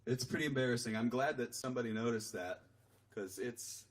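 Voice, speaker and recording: A man's voice: mid-range voice, a little fast. A singer-songwriter man chatting casually with live-stream viewers between songs, rambling and self-deprecating as he reads their comments aloud from home. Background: acoustic guitar playing.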